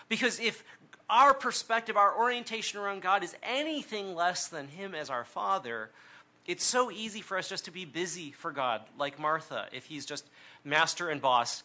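A middle-aged man giving an earnest, conversational sermon talk, often pausing with "um" and "right?". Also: high voice, lively intonation, sharp tone. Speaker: speaker on prayer.

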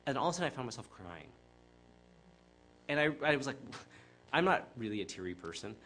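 A man's voice: medium pitch, big pitch swings, brisk, fairly bright tone, a little hiss or hum. A middle-aged man from the Chicago area, preaching in a conversational, reflective way with frequent fillers and self-corrections. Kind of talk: sermon.

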